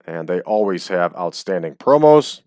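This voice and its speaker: A man talking casually over his game with a fairly low voice. His chatter is jokey and loose, sprinkled with ums. The sound is dry and close, with no room around it. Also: animated, moderate pace, a little mellow, no room sound. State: hiccups. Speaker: game streamer. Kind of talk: casual let's-play commentary. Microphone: desk microphone.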